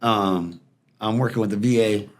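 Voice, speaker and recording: A man casually telling stories as a podcast guest, acting out the people in them. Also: lowish voice. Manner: fast, animated storyteller acting out quoted people. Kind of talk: casual storytelling.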